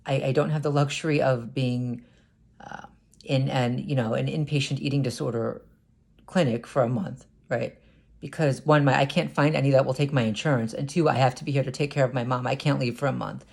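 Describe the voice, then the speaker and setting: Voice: mid-range voice, gravelly, darkish tone. An adult talking through a personal confessional vlog, hesitant and stammering, with many restarts and repeated words. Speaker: vlogger.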